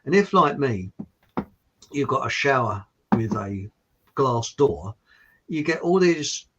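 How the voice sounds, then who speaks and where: A man's voice: medium pitch, very animated, slow, a bit bright, highs cut off, slight background noise. A man from Hertfordshire with an estuary English accent, hosting a casual chat show and rambling cheerfully. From Hertfordshire, England. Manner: chatty, rambling, laughing often. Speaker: host.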